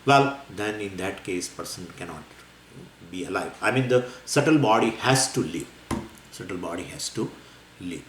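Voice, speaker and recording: A man giving a scripture lecture as a spiritual teacher, explaining in a lively, wandering way with many fillers and small laughs. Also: low-pitched, normal speed, slight background noise. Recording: echoey room with faint ambience.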